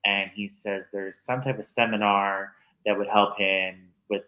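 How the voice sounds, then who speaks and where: A man's voice: fairly low pitch, flat delivery, a little slow, sharp tone, rough recording. A man co-hosting a podcast in casual chat, agreeable and laughing a lot as he recaps. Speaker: podcast co-host.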